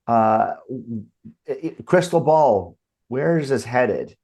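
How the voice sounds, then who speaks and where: A male podcast host posing questions at an ordinary middle pitch. He goes slowly and hesitantly, restarting phrases as he searches for the right words. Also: expressive, darkish tone. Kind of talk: interview questions.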